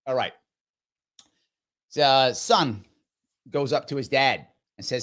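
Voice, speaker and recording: A man hosting a live commentary show, talking in an animated way and often asking rhetorical questions. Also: medium pitch, slow pace, long pauses. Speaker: host.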